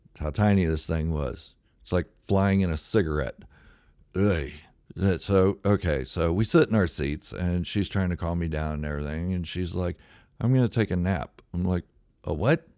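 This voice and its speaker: A man telling a funny true story in an excitable, exaggerated way, swinging between loud outbursts and low mutters. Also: normal speed, clean tone, no echo, clean studio sound. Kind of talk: comic true-story monologue.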